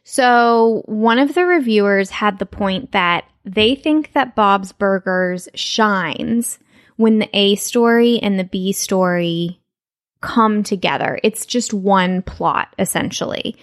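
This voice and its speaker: A woman's voice: mid-range voice, dry recording. Chatty woman podcast co-host, dry sound. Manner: chatty, quick, with many fillers and restarts. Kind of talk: casual chat.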